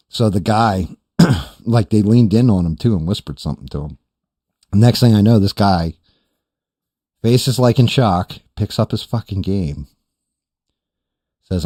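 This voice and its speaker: A podcast host with a dark, low-sitting voice talks at normal speed, captured dry at studio quality. He spins a long, loosely rambling, profane story, voicing the people he quotes.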